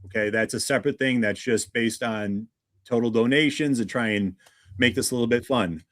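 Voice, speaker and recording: A man's voice: mid-range voice, normal speed, dry recording. A man hosting a casual livestream, chatty and greeting viewers one by one. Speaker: livestream host.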